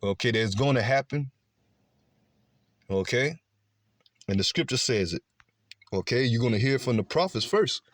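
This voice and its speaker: A man's voice: mid-range voice, animated, normal speed, long pauses, no echo, clean studio sound. A man preaching a scripture-based sermon, emphatic, often adding "okay" and "man". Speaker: street preacher.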